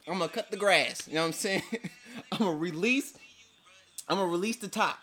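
A man hosting a casual chat, joking and animated with lots of slang and laughter. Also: high voice, brisk. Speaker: podcast host.

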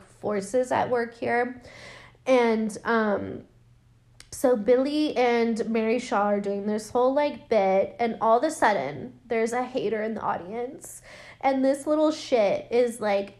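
Casting: young woman host, chatty and snarky, fairly high voice, lots of "like". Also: measured pace, a little mellow. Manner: chatty, sarcastic, profane, filler-heavy. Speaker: podcast host. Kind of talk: casual film recap.

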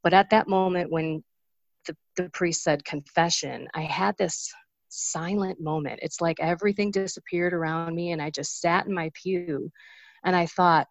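A woman in her forties tells her story in an earnest, emotional way, her voice sitting low with a gravelly fry. The sound is close and dry, with no room around it. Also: fairly even intonation, normal speed, no room sound. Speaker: guest sharing a faith story. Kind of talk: personal testimony in an interview.

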